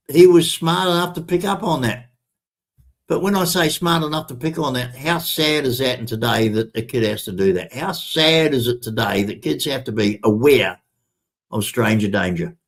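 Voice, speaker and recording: Speaking at medium pitch and normal speed, an older man vlogs a casual, meandering story to his audience. He's chatty, repeats himself, and addresses them as ladies and gentlemen.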